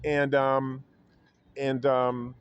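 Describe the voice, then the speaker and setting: A man telling a story about a public library in a casual vlog, rambling with many restarts and acting out quotes in a higher voice. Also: completely flat delivery, drawn-out words, clear, resonant tone, highs cut off. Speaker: vlogger. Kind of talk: casual retelling of an incident.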